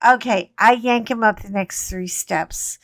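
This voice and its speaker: A woman's voice: mid-range voice, measured pace, fairly bright tone, no room sound, clean studio sound. A middle-aged woman hosting a coloring channel, telling a rambling story in a wry, casual way, with mild cursing and frequent "anyway" asides.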